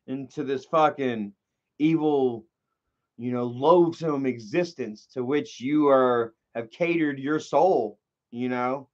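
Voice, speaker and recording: A man's voice: medium pitch, muffled recording. A man livestreaming in casual chat, rambling and profane, with lots of filler words.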